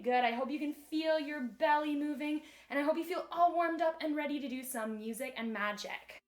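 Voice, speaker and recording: A young woman teaching children music warm-ups and a magic trick in a cheerful, slow, encouraging way, recorded indoors on a camera mic. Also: on the high side. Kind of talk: children's lesson.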